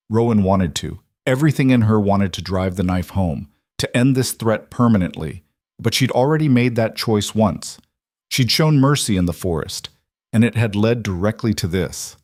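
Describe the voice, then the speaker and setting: Low-voiced male story narrator. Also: moderate pace, no echo, studio quality. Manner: steady, dramatic storytelling. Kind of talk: scripted narration.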